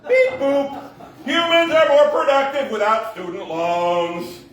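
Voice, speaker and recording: A man voicing a logical robot that rules kindly, speaking in clipped announcements that open with a high beep boop. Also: slow pace. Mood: deadpan. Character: logical, helpful robot ruler, beeping. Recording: echoey room, mic at a distance.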